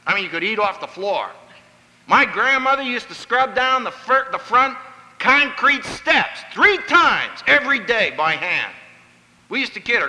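A man's voice: very high voice, sing-song, unhurried, sharp tone, big-room sound, poor audio. A man from Pennsylvania giving an emphatic, story-filled talk on family life, acting out the voices he quotes. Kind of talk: sermon-style lecture with stories.

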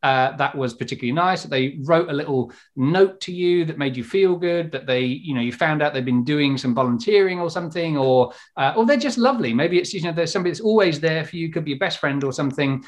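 A man's voice: a little high, fast talker, few pauses. A man hosting a podcast in casual chat, giggly and rambling. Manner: giggly, rambling, warm-humoured. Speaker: podcast host.

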